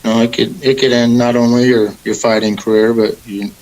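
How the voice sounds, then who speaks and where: A young man, a mixed martial arts fighter, answering interview questions in a relaxed, rambling way with many fillers. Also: mid-range voice, brisk, low-quality recording. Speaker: MMA fighter, guest.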